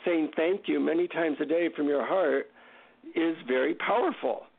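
A man, a guest author, tells an animated, self-mocking anecdote in an interview over a tinny phone line. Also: on the high side, moderate pace, vocal fry. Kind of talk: storytelling in an interview.

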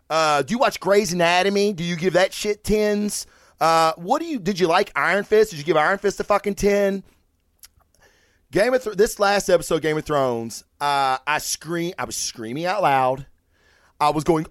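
A man's voice: sits high, normal speed, dry recording, clean studio sound. A man hosting his own podcast, ranting casually with lots of swearing and restarts. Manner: profane, animated, rambling with restarts. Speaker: podcast host. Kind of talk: casual solo podcast rant.

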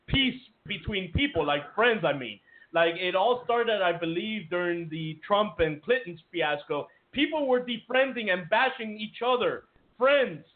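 A high-pitched man co-hosts a radio-style podcast. He rambles and stumbles over his words, restarting his sentences and laughing often. The sound is thin and tinny, like a phone line. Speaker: radio show co-host. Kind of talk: podcast interview.

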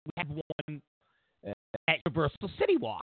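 A man's voice: on the high side, wildly swooping pitch, moderate pace, breathy edge, no echo. Male show host, incredulous and stammering, dry phone-quality sound. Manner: sarcastic, incredulous, stammering restarts. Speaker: political commentary show host. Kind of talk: ranting talk-show commentary.

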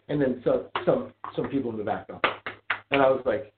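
A man hosting a casual call-in show, telling stories in an animated, indignant rant. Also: mid-range voice, quick pace, slight background noise. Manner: animated ranting storyteller, gets loud and indignant. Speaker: podcast host. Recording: tinny phone-like audio.

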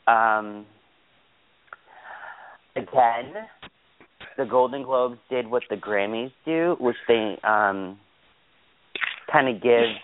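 Gossipy man on a tinny call line. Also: medium pitch. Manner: gossipy, exclamatory. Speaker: podcast host. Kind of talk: casual chat. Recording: phone-like call audio.

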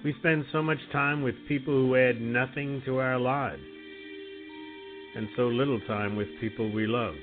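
A man, a radio personality, reading a contemplative reflection in a measured way. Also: medium pitch, steady tone. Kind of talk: reflective spoken essay. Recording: phone-like line with faint music.

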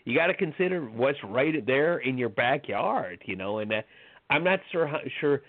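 A man's voice: medium pitch, animated, moderate pace, no room sound. A man chatting casually about college basketball on a sports podcast, rambling with many fillers and restarts. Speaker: sports blogger. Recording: tinny phone-like audio.

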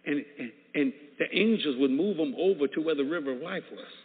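A man's voice: on the high side, a little fast. A man preaching and telling a personal testimony, acting out the voices of the people in it. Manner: animated storyteller who acts out dialogue. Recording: tinny phone-like sound in an echoey hall.

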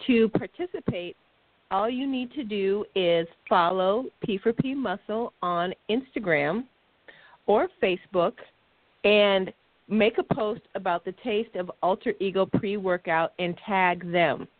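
A woman's voice: mid-range voice, measured pace, no room sound. A woman co-hosting an internet radio talk show, chatting cheerfully and reading out contest details. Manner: bubbly, laughs often. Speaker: co-host. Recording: dry phone-line audio.

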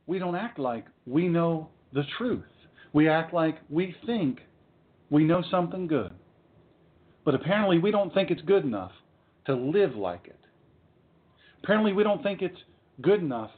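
A man preaching a sermon, fiery and emphatic, with dramatic pauses. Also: fairly high pitch, very animated. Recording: tinny phone-like sound.

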